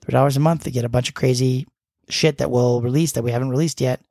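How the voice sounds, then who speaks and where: A man's voice: medium pitch, steady tone, fast, vocal fry, mellow, dry recording, clean studio sound. A young man co-hosting a podcast, joking and rambling through the show info. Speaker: podcast co-host. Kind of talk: casual chat.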